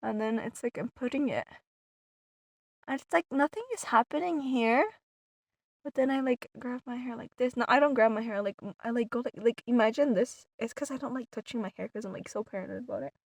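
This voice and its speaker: A woman with a fairly high voice tells a story straight to her viewers, rambling and circling back with constant "like" fillers. She drops some words to a hushed whisper. The sound is dry and close. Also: fairly quick, dry recording. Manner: rambling, full of "like" fillers and restarts; animated retelling, some words dropped to a whisper. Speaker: vlogger. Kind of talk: casual storytelling to camera.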